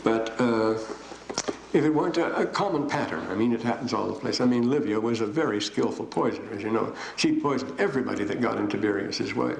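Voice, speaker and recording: An older man giving a rambling, digressive classroom lecture with frequent pauses. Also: medium pitch, vocal fry. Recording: echoey room, faint hiss.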